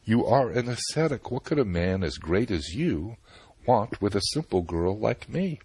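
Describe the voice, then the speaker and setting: A man voicing a cunning young enchantress who teases and then commands an old sage, in a slightly raised, husky voice. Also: on the low side, very animated, moderate pace, darkish tone, no room sound, voice pushed up, exaggerated voice. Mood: coy.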